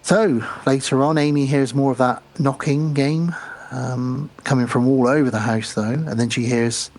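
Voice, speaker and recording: A man co-hosting a podcast, recapping a film scene by scene in casual chat and dropping into quick quotes. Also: mid-range voice, steady tone, a little mellow, low-quality recording. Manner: retells scenes with quick acted quotes and laughs. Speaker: podcast co-host.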